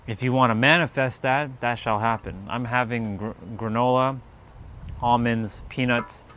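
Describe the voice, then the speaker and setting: A man's voice: mid-range voice, fairly even intonation, measured pace, fairly bright tone, a little hiss or hum. A man hosting a casual spiritual livestream, chatting loosely with viewers and rambling with many fillers.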